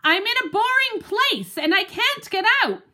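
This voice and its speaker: An excitable pet dog, as a woman reading the story puts it on, yaps in a high, bright voice that leaps all over the place. Every word comes out loud and eager. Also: measured pace, full character voice. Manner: yappy, bursting with eagerness.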